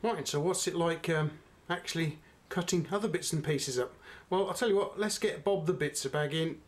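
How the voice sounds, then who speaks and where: A man's voice: on the high side, a little hiss or hum. Chatty man reviewing a knife. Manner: chatty, unhurried, addresses viewers as guys. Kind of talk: casual product review.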